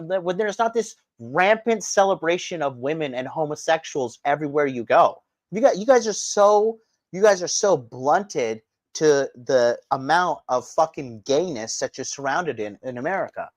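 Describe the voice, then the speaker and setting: This man's voice sits a little high and sounds animated, moving at a moderate pace with no room sound. Hosting a livestream, he rants at his chat, combative and full of profanity.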